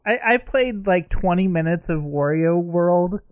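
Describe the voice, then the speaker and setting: Male co-host, playful and wry, medium pitch, dry close mic. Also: animated, measured pace, no echo, phone-quality sound. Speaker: podcast co-host. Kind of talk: casual chat.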